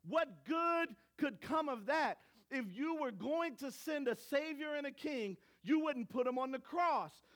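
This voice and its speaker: High-voiced male pastor preaching. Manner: storytelling, animated, acts out voices. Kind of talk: sermon.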